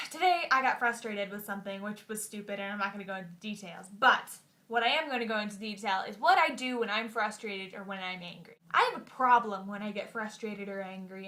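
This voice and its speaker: Bright-voiced young woman vlogging. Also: mid-range voice. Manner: chatty and self-mocking. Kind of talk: casual vlog storytelling.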